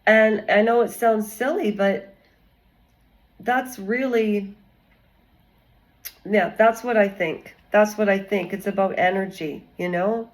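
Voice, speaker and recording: Woman vlogger, slow and rambling, chatty and digressive. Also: mid-range voice, steady tone, rough recording. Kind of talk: casual commentary vlog.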